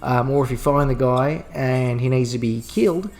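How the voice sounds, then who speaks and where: A man's voice: medium pitch, moderate pace, darkish tone, natural voice. A man playing a cheery, scarred male rogue plumber with a put-on Australian accent, rambling and laid-back as a tabletop game player. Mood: determined.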